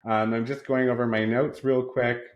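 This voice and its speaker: A man hosting a podcast interview, speaking earnestly and admiringly in a relaxed chat. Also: mid-range voice, highs cut off. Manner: earnest, admiring, slow and thoughtful. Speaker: podcast host.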